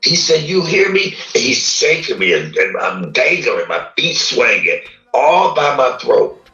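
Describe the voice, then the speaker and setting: A man earnestly recounting a painful childhood memory in a slow, emotional storytelling manner. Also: mid-range voice, sing-song, sharp tone, lo-fi sound. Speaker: man telling his life story on a livestream. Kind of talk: personal storytelling. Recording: distant roomy playback with music.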